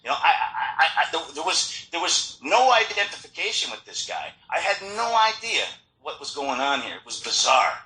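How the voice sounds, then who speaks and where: A man giving a personal recovery talk at a meeting, telling his story in an animated way with frequent restarts, recorded in an echoey meeting hall. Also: fairly high pitch, moderate pace, few pauses. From Florida.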